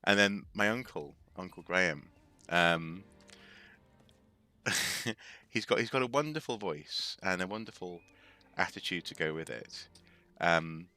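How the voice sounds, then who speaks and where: A man's voice: deep voice, lively intonation, measured pace, sharp tone. A man casually commenting on a game as he plays, rambling with frequent restarts. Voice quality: rambling, with many fillers and restarts. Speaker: streamer.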